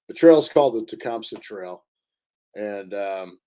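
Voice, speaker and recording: A man telling a story in a casual interview, halting often with fillers and restarts. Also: on the low side, animated, warm tone. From Indiana. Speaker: interview guest.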